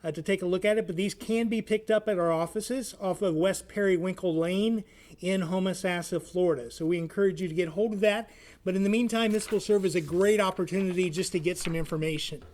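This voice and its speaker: A male community educator presents and tells a story in a casual, folksy manner, often pausing on fillers. His voice sits high for a man. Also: a little mellow. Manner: friendly, folksy, frequent filler words.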